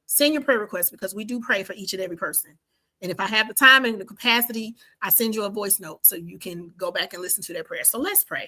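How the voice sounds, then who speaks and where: A woman in her fifties from the American East Coast, with roots in Washington, D.C. and the Carolinas, hosts a podcast and chats animatedly through a casual outro, repeating phrases for emphasis before closing in fervent prayer. She talks fast in a mid-range voice with a sharp tone.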